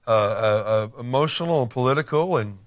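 A man's voice: mid-range voice, animated, brisk. A man hosting a Christian TV interview show, talking enthusiastically and encouragingly, with a chatty, filler-heavy delivery. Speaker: TV show host.

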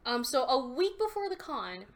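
A young woman hosting a podcast, casually telling an animated story and swearing often. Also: high-pitched, moderate pace. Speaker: podcast host. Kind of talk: casual chat.

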